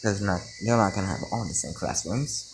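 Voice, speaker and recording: A tired man with a very deep voice improvises a fan story, rambling through ums and restarts. He records outdoors at night, with crickets and insects chirping loudly behind him. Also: fairly quick, noisy background. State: tired, yawning. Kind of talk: improvised fan-fiction narration.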